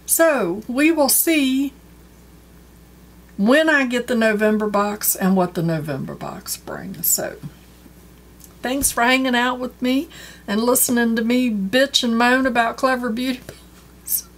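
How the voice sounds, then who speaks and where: A woman's voice: fairly high pitch, expressive, unhurried. A woman reviewing a beauty box unboxing in casual, frank chat, openly annoyed about value. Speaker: beauty vlogger. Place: home porch.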